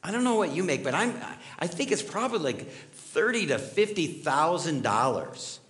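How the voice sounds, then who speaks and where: A man's voice: fairly high pitch, sing-song, normal speed, a bit bright. A middle-aged man preaching a sermon in a conversational way, telling personal stories and asking his listeners questions. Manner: conversational, storytelling, asks the audience questions. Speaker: pastor.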